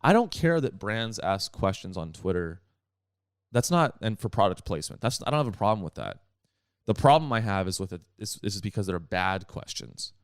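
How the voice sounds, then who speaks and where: A man's voice: on the low side, very animated, normal speed, clear, resonant tone, no room sound, clean studio sound. A young man hosting a solo comedy podcast, ranting in a rambling, profane way with many restarts. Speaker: podcast host.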